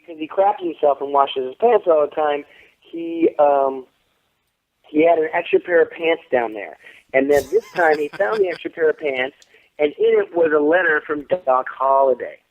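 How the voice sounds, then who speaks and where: A man being interviewed as an actor, telling stories in a profane, animated way over the phone. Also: on the high side, moderate pace. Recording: tinny phone line.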